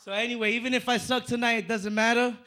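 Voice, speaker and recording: A man from the Dominican Republic doing a stand-up comedy set on a club stage into a handheld mic, telling stories with punchy, animated delivery. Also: very high voice, fast. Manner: punchy, animated storytelling with acted-out voices.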